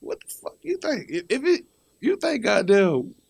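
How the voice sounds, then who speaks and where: Man, podcast guest, high voice, lively pitch, blunt, profane, dry close sound. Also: normal speed, vocal fry, slightly rough, no echo. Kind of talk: casual podcast chat.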